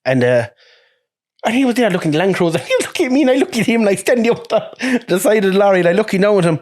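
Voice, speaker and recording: A young Irish man, a truck driver, telling lively stories in casual chat, swearing and acting out what others said. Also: high voice, racing. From Ireland. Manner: animated, swearing, acts out quoted voices with laughs.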